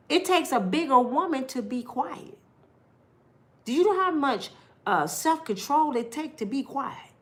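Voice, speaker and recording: A middle-aged woman vlogger giving heartfelt life advice in an animated, preachy big-sister way. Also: high voice, measured pace.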